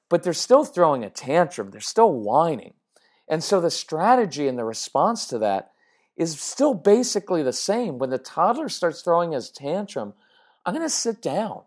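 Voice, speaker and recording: A woman's voice: low voice, darkish tone. A middle-aged woman speaking as a parenting coach, talking to listeners in a conversational, emphatic way that keeps checking in with them. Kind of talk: direct-to-camera parenting talk.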